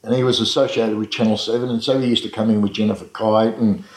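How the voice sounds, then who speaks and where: A man's voice: on the low side, fairly even intonation, fast talker. Rambling Australian man in an echoey room. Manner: rambling anecdotes with frequent restarts and fillers. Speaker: restaurant owner recalling his past. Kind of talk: casual storytelling interview.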